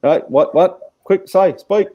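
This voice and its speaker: A man's voice: high-pitched, unhurried, no echo, highs cut off. A man hosting a casual podcast, laid-back, swearing and laughing easily as he wraps up the show. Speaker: podcast host. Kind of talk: casual chat, signing off the show.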